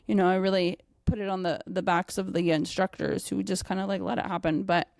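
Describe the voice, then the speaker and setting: A young woman and dog trainer telling a casual story, animated, with many fillers and frequent swearing. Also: mid-range voice, brisk, creaky, dry recording, clean studio sound. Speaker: dog trainer and company owner.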